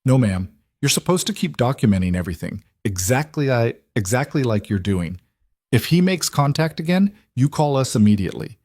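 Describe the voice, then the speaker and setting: A man voicing a calm, careful young police officer in a narrated story, speaking in a measured, official way. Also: mid-range voice, no room sound, pitched above the performer's own voice, lightly acted.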